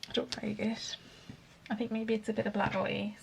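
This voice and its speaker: A woman's voice: medium pitch, flat delivery, moderate pace, creaky, slight background noise. A woman hosting a craft video, chatting and thinking aloud while she works. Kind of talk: casual craft narration.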